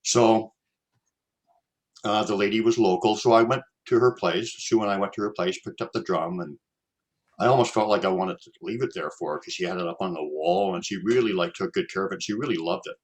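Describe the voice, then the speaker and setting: A man's voice: low-pitched, brisk. A Canadian man hosting a casual chat, telling a personal story in a rambling way, with repeated words and many fillers.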